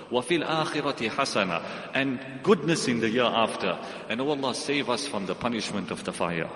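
A man giving a Friday sermon in a mosque, telling a story in an animated way and acting out its characters. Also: on the low side. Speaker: imam giving Friday lecture. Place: mosque hall. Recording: echoey hall with long reverb.

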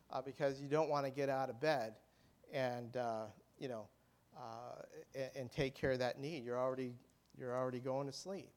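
A man preaching a sermon as a pastor, speaking conversationally with fillers and restarts. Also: mid-range voice.

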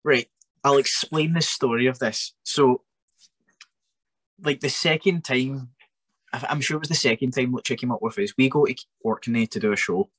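A young Scottish man, a wrestler guest on a podcast, telling an animated story in an exasperated, ranting way with many restarts. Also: medium pitch, moderate pace, breathy edge, dry recording.

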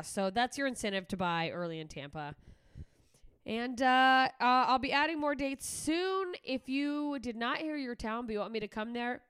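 A woman's voice: medium pitch, smooth, no echo. A woman comedian hosting her podcast, chatting casually, brash and swearing freely. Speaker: podcast host and stand-up comedian.

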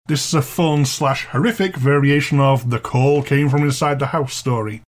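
A man's voice: medium pitch, normal speed, hardly any pauses. A man hosting a podcast, narrating a spooky childhood tale with a chatty, dryly amused manner. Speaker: podcast host and storyteller.

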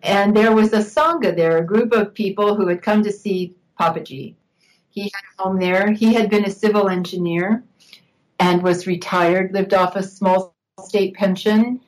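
Older woman guest, reflective storyteller, mid-pitched voice. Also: fairly even intonation, normal speed, low-quality recording. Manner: warm reminiscing with laughs. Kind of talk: interview storytelling.

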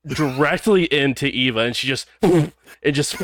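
A man's voice: mid-range voice, moderate pace, a bit bright, no room sound, studio quality. A man running a tabletop game as game master, laid-back and amused.

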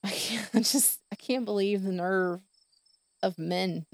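A woman's voice: medium pitch, slow pace, dry recording. A middle-aged woman telling a personal story on a podcast, rambling with many fillers and restarts. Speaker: podcast host.

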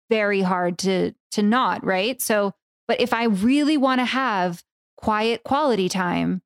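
A woman hosting a solo podcast as a business coach. She talks in a casual, animated way, swears freely, fills her talk with "like" and "right?", and jumps up in pitch for emphasis. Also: vocal fry, dry recording, clean studio sound.

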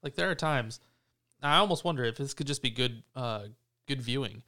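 A man hosts a relaxed podcast conversation, his voice clear and smooth at an ordinary pitch. He rambles through stories in a snarky, profane way, restarting his sentences as he goes. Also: moderate pace. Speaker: podcast host. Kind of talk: casual podcast chat.

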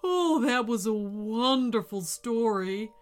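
Woman voicing a booming greedy dragon. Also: animated. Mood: pleased. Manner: booming, slow and loud. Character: greedy male dragon, booming and easily tempted. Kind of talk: storybook reading.

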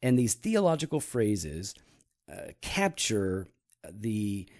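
A man hosting a casual talk show, explaining calmly with many fillers and teasing his co-host. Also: lowish voice, slow. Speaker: podcast host. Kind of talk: casual teaching talk about church history.

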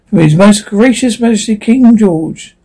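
A man's voice: high voice, expressive, measured pace, dark tone, voice pushed up, heavily acted. A man voicing a pompous, scheming male solicitor who makes grand proclamations.

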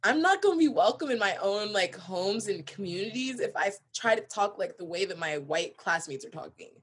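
A woman's voice: medium pitch, lively intonation, fairly quick, slightly rough. A young woman co-hosting a podcast, chatting casually and thinking aloud as she talks. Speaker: podcast co-host. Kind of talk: casual chat.

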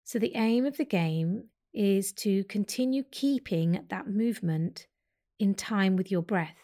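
A woman yoga teacher guides a breathing meditation in a soft, gentle voice. She gives calm, unhurried instructions, pausing between the steps. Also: medium pitch. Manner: slow, gentle guiding instructions.

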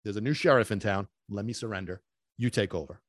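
A man voicing a husky dog that gives way to a new leader, in a lower, resigned tone. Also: fast, no echo, clean studio sound, close to an everyday voice. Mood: yielding. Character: husky dog giving way, yielding.

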